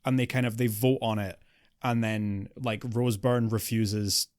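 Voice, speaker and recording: A man co-hosting a podcast, casually reviewing a film in an animated, exasperated rant. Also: lowish voice, unhurried, no echo, studio quality. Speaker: podcast co-host.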